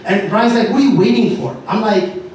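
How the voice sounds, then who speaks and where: A man speaking at an entrepreneur meet-up, telling a lively story and acting out what people said. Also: sits high, brisk, a little hiss or hum. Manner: animated storyteller acting out dialogue. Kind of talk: animated storytelling talk. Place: event venue. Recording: echoey room from far off with faint ambience.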